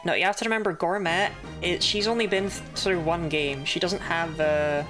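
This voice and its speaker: A woman's voice: fairly low pitch, fairly even intonation, moderate pace, over music. A woman chatting casually while streaming a game, laughing often and swearing now and then. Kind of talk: casual live-stream commentary.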